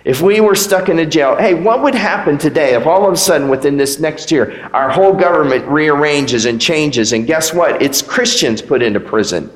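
A man preaching a sermon as pastor, animated, with rising emphasis and rhetorical questions. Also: fairly high pitch, moderate pace, hardly any pauses. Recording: echoey hall.

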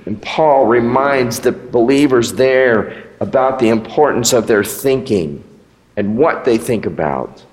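A man preaching a sermon as pastor, animated, with rising emphasis and rhetorical questions. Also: mid-range voice, measured pace. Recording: echoey hall.

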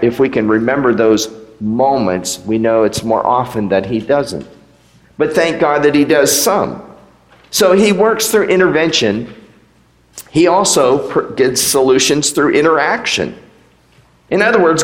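A man preaching a sermon as pastor, in a conversational way with rhetorical questions. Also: fairly high pitch. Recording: echoey hall with long reverb.

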